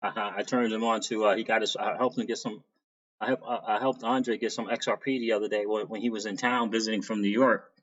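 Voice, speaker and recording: A man's voice: on the low side, steady tone, quick pace, fairly bright tone, dull audio. A man hosting a casual crypto livestream, reading out viewer names and greeting them, laughing often.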